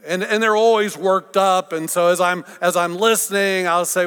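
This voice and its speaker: Man preaching with wide loud-to-whisper swings. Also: high-pitched, steady tone, normal speed, hardly any pauses, clear, resonant tone. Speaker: pastor. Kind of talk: sermon. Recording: long reverb of a large hall.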